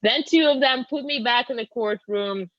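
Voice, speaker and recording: A woman's voice: a little high, moderate pace, no room sound, lo-fi sound. A woman with a Russian accent, a native Russian speaker, telling a story in a chatty way with laughs. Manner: chatty, laughing, frequent fillers. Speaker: guest reporter. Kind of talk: casual interview storytelling.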